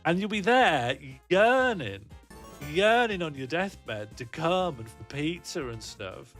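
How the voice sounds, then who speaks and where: A man's voice: on the high side, sing-song, slow pace, fairly bright tone, soft background music. A man rambling and joking on a casual livestream, answering his chat and laughing often.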